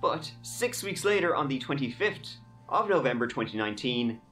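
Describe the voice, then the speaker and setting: A man's voice: medium pitch, very animated, moderate pace, fairly bright tone, faint music behind. A man hosting a true crime podcast, telling the case in a conversational way with wry asides. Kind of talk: casual true crime narration.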